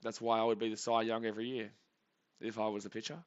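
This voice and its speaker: A young man hosting a live baseball reaction stream, calling the plays casually and reading out chat messages with bursts of excitement. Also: lowish voice, fast talker, clean tone, dull audio. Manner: casual chatty commentary, reads chat aloud, excitable.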